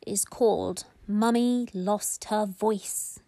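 A woman reading a children's bedtime story aloud, slow and gentle, putting on small voices for the characters. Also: medium pitch, steady tone, vocal fry, dry recording.

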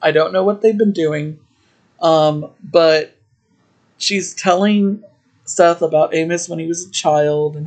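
Slow, laughing podcast host. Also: mid-range voice, a little mellow. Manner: laughs often while retelling; chatty, with frequent fillers. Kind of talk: casual episode recap.

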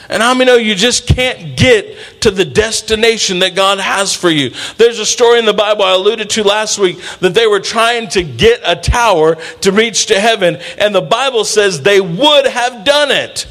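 Animated man preaching with a high voice. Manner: animated preaching with playful asides, acts out voices. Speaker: pastor. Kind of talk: sermon.

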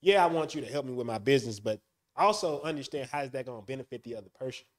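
A man's voice: medium pitch, rapid-fire. A man hosting a casual podcast chat, eager and steering the topics. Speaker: podcast host.

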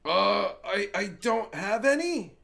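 A man's voice: high voice, expressive, takes it slowly, gravelly, bright, forceful tone. A male livestream host giving crude, profane, rambling commentary while chatting with strangers online.

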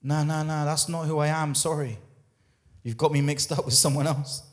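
A man's voice: a little high, level tone, moderate pace. A man preaching a sermon as lead pastor, emphatic, repeating phrases and asking the congregation questions. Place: church.

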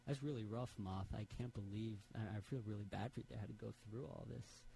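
A man's voice: fairly low pitch, brisk, creaky, mellow, slight background noise, rough recording. A man voicing a sympathetic male podiatrist who keeps exclaiming in dismay.

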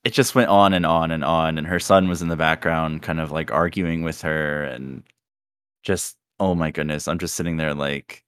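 A young man hosting a podcast, telling stories in a relaxed, casual way and laughing often. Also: rumbling low, normal speed, clear, resonant tone, dry recording, clean studio sound. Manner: laid-back storyteller, laughs often. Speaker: podcast host. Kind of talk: casual chat.

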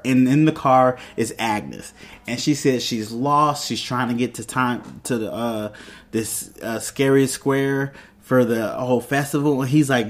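A man talking through a TV episode in a relaxed, rambling way. He keeps correcting himself and slips in quick quoted lines for the characters. His voice sits at an ordinary middle pitch. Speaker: TV show reviewer. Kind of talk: casual episode recap.

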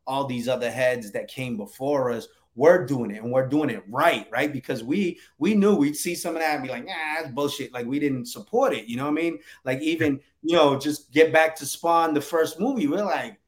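A man's voice: medium pitch, moderate pace, few pauses. A man talking casually and emphatically about his graphic novel, with lots of slang and fillers. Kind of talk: casual interview chat.

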